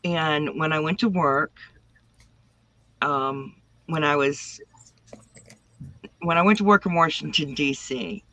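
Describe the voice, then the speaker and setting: A woman from the American South with a smooth voice, telling her story as an interview guest over a video call. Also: low voice, slow, pauses often, bright, forceful tone. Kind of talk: casual conversation.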